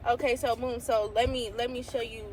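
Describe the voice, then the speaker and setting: Excited woman giving a faith testimony, kinda high voice, keeps going "what?", faint car hum behind. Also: fairly quick. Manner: excitable, exclaims "What?" often, reads scripture aloud. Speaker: faith vlogger. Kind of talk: casual testimony to camera.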